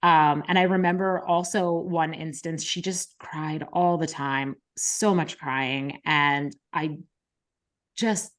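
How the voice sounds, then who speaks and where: Woman, low voice, candid storytelling, podcast host, casual fillers. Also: fairly even intonation, slow pace. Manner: frank, many likes and ums, emotional retelling.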